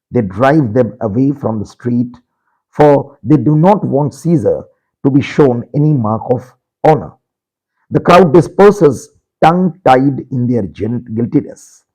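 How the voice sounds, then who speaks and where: A man teaching a literature lesson, slowly repeating and explaining each word and addressing his students directly. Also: medium pitch, mellow, slightly rough, low-quality recording. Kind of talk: explanatory lecture.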